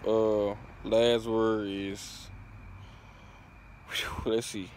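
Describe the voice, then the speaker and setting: Slow, laid-back man vlogging. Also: on the low side, little pitch movement, darkish tone, slight background noise. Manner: laid-back slang, stumbling over words, chuckling. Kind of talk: casual vlog.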